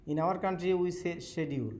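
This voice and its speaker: Non-native English-speaking professor lecturing a class. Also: male voice, on the high side, measured pace, a little mellow. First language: not English. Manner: non-native English with simple grammar, many "okay?" checks. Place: lecture hall.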